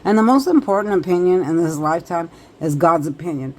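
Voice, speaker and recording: A woman's voice: fairly low pitch, lively intonation, a little fast, rough recording. A woman tarot reader talking directly to viewers in a casual, emphatic, repetitive way. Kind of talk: casual advice monologue to viewers.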